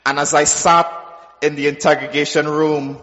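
A man telling his personal testimony to a church, acting out the voices in his story and dropping soft and low when quoting God. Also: level tone, normal speed. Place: church sanctuary. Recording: dull sound with long hall reverb.

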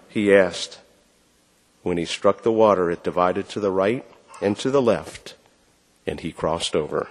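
A man reading a scripture passage aloud during a church service, clear and measured. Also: low-pitched, long reverb tail. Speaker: scripture reader.

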